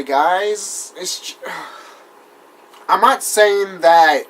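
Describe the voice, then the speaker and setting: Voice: mid-range voice, a little hiss or hum. A wrestling vlogger ranting in casual talk, heated and profane, rambling with restarts and apologizing after outbursts. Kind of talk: casual vlog rant.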